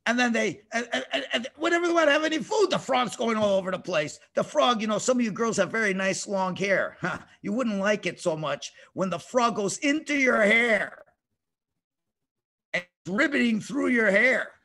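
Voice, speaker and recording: A man teaching children through a story over a video call, animated and playful, with sound effects. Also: high-pitched, normal speed, gravelly.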